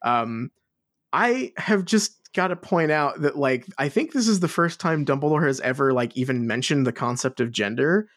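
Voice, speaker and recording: Animated swearing podcast co-host. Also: male voice, mid-range voice, normal speed, dry recording, studio quality. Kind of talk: casual chat.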